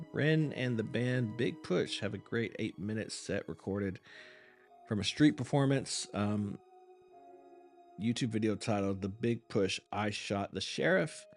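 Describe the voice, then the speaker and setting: A man's voice: lowish voice, vocal fry. A man hosting a live reaction stream, chatting casually with viewers in a rambling, apologetic and self-mocking way.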